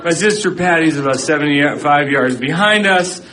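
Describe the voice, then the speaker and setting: Animated high-voiced male comic, live crowd. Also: normal speed, poor audio. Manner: animated, acts out voices, laughing. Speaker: stand-up comedian. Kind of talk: stand-up storytelling. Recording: live club set with loud audience. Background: audience laughter.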